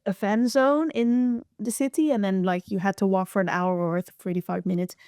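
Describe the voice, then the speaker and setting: Chatty woman, crisp dry sound. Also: medium pitch, steady tone, normal speed, a little mellow, no echo. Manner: chatty, laughs often. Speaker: podcast co-host. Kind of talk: casual chat.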